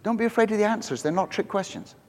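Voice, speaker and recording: Middle-aged male pastor, a bit high-pitched, chatty and self-deprecating in the pulpit; the church hall rings behind him. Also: expressive, fast, slight background noise. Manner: conversational and joking, self-mocking. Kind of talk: sermon.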